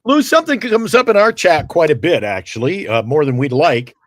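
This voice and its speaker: High animated man, exasperated. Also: a little fast, no echo, studio quality. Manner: animated, exasperated, crude asides. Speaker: sports talk show host. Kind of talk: heated casual sports talk.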